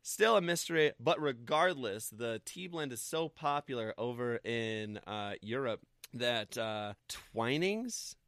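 A man's voice: medium pitch, animated, slow, few pauses, fairly bright tone, clear, resonant tone, no room sound, studio quality. A man co-hosting a podcast in loose, rambling casual chat, laughing often, his voice a bit off. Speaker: podcast co-host.

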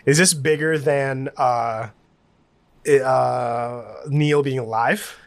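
A man co-hosting a casual TV recap podcast, rambling and animated, laughing often. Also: medium pitch, slow pace, vocal fry. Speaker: podcast co-host.

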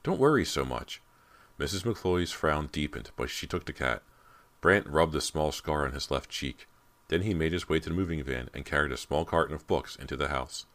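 Very deep-voiced male narrator. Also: moderate pace, a bit bright. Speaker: audiobook narrator. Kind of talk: scripted narration.

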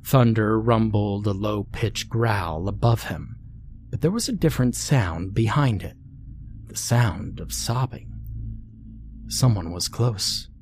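A man narrating a scary story in a slow, deliberate, ominous scripted reading. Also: fairly low pitch, expressive, darkish tone, slight background noise.

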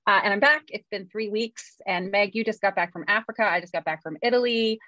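A woman's voice: mid-range voice, brisk, fairly bright tone, no echo. A woman co-hosting a podcast, chatting casually and jokingly acting out her own thoughts. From California. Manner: chatty, self-mocking, acts out quotes. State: jet-lagged. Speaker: podcast co-host. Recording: slightly dull, dry audio.

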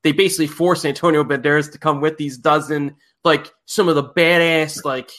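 A man with a fairly high, bright and forceful voice hosts a laid-back film podcast. He rambles happily through plot recaps, circling back and restarting as he goes. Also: steady tone, fairly quick. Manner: enthusiastic rambling plot retelling. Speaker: podcast host. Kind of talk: casual movie discussion.

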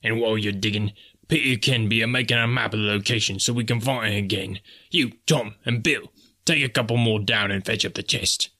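A man voicing a shrill, domineering rat-faced mutineer captain in a spoken story. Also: a little fast, bright, forceful tone. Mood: bossy. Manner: shrieking, domineering.

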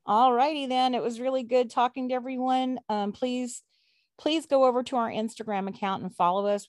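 A woman's voice: mid-range voice, darkish tone, no room sound. Chatty woman podcast co-host, dry sound. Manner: chatty, defiant, laughs easily. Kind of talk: casual true crime podcast chat.

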